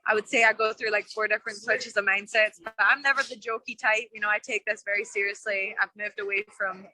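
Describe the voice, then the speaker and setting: Bright-voiced Scottish-Australian woman. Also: mid-range voice, steady tone, a little fast, no echo, poor audio. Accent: Scottish with Australian mix. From Scotland, raised in Australia. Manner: blunt and confident, swears casually. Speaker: UFC fighter guest. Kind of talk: casual interview over a call.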